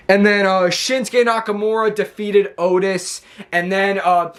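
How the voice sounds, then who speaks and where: A man's voice: sits high, level tone, measured pace, hardly any pauses, fairly bright tone. A man casually recapping a wrestling show, rambling with lots of fillers and restarts.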